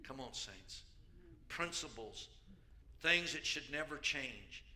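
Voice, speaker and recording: Bright-voiced preaching man. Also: medium pitch, expressive, takes it slowly. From United States. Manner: preachy, jokey, loud bursts. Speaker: pastor. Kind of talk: sermon.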